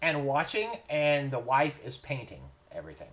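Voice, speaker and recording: A man's voice: medium pitch, moderate pace. Laughing game master man. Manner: laughs often, teasing and animated. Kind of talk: running a tabletop game.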